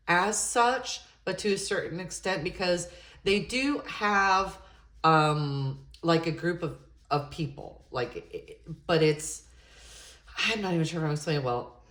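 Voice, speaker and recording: A woman reads tarot cards to camera at an unhurried, drawn-out pace, her voice sitting a little low. She muses hesitantly, then gushes with effusive delight. The sound is roomy and echoey, with a faint hum of room ambience behind her. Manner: effusive, gushing exclamations; intuitive, musing with hesitant fillers. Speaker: tarot reader. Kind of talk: tarot love reading to camera.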